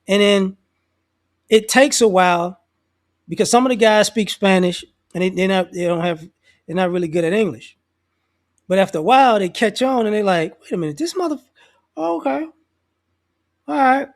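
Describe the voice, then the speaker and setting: A man's voice: high-pitched, normal speed, long pauses. A man talking off the cuff in a loose, slangy way, restarting his sentences as he shares his views on society. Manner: acts out other people's voices in quotes. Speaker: commentator. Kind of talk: casual social commentary monologue.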